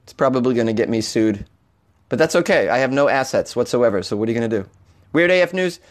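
A man's voice: mid-range voice, fast talker. Ranting American man hosting a comedy podcast. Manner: animated, ranting, swears casually, jokey. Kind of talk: casual comedic podcast rant.

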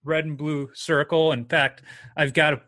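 A man's voice: fairly high pitch, level tone, moderate pace, sharp tone. A man hosting a casual interview, easygoing, asking questions and sharing his own stories. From Minnesota. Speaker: podcast host interviewing a guest.

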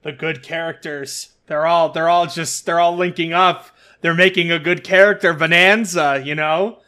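A man co-hosting a podcast, reacting to comics with excitable, gushing fan enthusiasm. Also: on the high side, normal speed. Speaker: podcast co-host. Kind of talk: casual fan chat.

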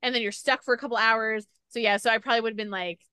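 A woman hosting a podcast in casual chat, talking with lots of fillers and animated retelling. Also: a little high, quick pace, clear, resonant tone, dry recording, studio quality. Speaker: podcast host.

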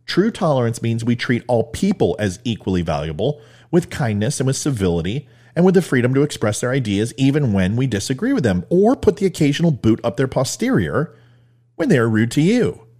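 Emphatic man with lively pitch. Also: a little fast. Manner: emphatic, punchy, preachy. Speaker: host. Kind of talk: opinionated commentary monologue.

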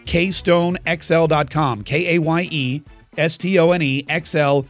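A man's voice: a little high, fairly even intonation, unhurried, faint music behind. A man hosting a podcast, talking in a brash, rambling, mocking way about politics and a giveaway. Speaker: podcast host. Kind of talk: political talk and giveaway segment.

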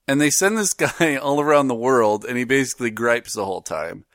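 A man co-hosting a podcast in casual chat, animated and laughing often. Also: mid-range voice, fairly quick, no room sound, clean studio sound. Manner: animated, laughs often, does silly voices in stories. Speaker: podcast co-host.

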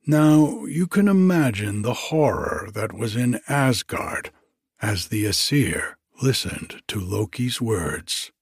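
A man narrating a myth as a storybook reading, in a slow and deliberate manner. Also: on the low side, expressive, breathy edge, no room sound, studio quality. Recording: faint background music.

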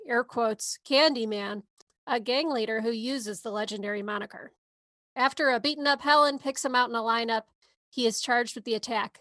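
A woman's voice: a little high, a bit bright, dry recording. A woman podcast co-host giving a movie synopsis in a casual, sarcastic way. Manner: sarcastic, wry asides.

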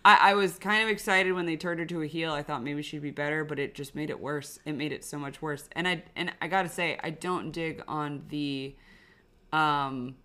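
Brief: young woman podcast co-host, lower-pitched and bright, forceful, emphatic and fed up. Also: fairly even intonation, moderate pace, smooth. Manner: emphatic, exasperated ranting. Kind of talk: casual wrestling recap chat.

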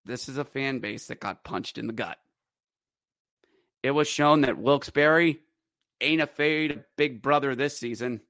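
A man hosting a hockey fan podcast, calling plays with shouts and groans, then grumbling bitterly about the loss. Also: mid-range voice, a little slow, pauses often, no room sound, clean studio sound. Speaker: podcast host recapping hockey games. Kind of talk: fan podcast recap with play-by-play.

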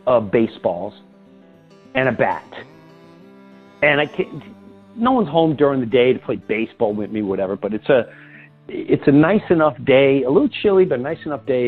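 A man hosting a podcast, telling an animated story full of quoted dialogue in an excited, breathless way. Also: medium pitch, slightly rough. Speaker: podcast host. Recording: tinny phone-line sound.

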